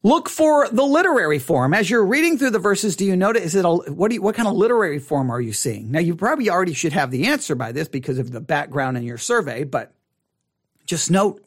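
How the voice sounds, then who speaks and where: A man teaching a Bible study method in a casual, animated way, often restarting phrases and acting out a reader's reactions. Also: on the high side, a little fast, slightly rough.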